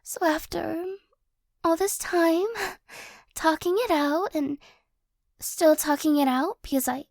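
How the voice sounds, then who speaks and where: A woman in an ASMR role-play voicing a remorseful young ex-girlfriend who apologizes in a hesitant, halting way with nervous little laughs. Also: very high voice, gravelly, a little mellow, no room sound, heavily acted. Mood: apologetic.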